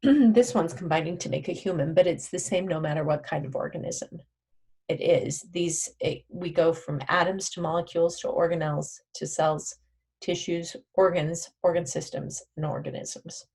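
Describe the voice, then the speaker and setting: A woman's voice: fairly low pitch, steady tone, normal speed, vocal fry, darkish tone, slightly rough. A woman teaching a recorded biology lesson, explaining step by step, correcting herself as she goes and quizzing with questions she answers herself.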